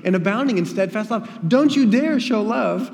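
A man's voice: on the high side, animated, moderate pace, a little mellow, natural voice. A man voicing an indignant, resentful male prophet who protests to God in a heated way, heard with long hall reverb.

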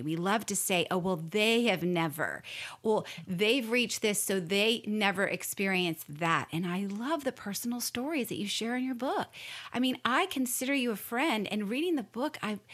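Woman in her 40s hosting a faith interview, middle pitch, lively storytelling. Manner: animated, shares personal stories. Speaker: podcast host. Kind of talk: faith-based interview chat.

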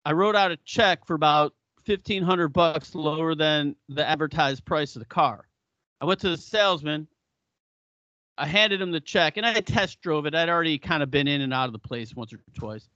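Bright, profane man telling stories. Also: fairly high pitch, moderate pace, dry recording, muffled recording. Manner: profane, animated storyteller who acts out quotes. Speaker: podcast co-host. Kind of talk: casual storytelling chat.

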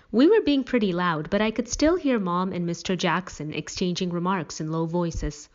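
A woman's voice: lowish voice, normal speed, few pauses, lo-fi sound. A woman reading a first-person story in a wry, dramatic storytelling manner.

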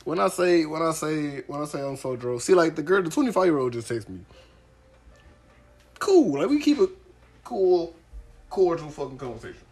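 A young man hosting a podcast, telling a story in a casual, profane way, jumping from loud outbursts to low muttering. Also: very animated, normal speed, long pauses. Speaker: podcast host.

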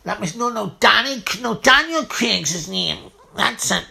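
Give me a performer doing a prudish childlike nephew from Ireland, slow-talking and gravelly. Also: medium pitch, expressive, sharp tone, exaggerated voice. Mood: fussy. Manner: slow, halting, repeats itself.

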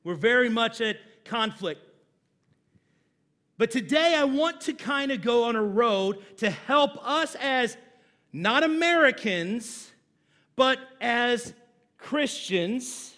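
A man pastor preaching a sermon in a church, leading call-and-response with slow, deliberate delivery and sudden loud emphases. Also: very high voice, lively intonation.

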